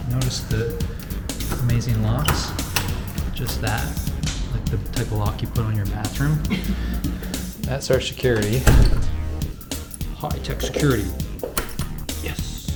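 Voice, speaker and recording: A man walks through a small apartment narrating on the go, with a wry, deadpan humor. His voice sits at an ordinary middle pitch. He is recorded indoors on a handheld camera mic. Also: slow, long pauses, over loud music. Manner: sarcastic, deadpan joking. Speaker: travel vlogger. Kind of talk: casual walkthrough commentary.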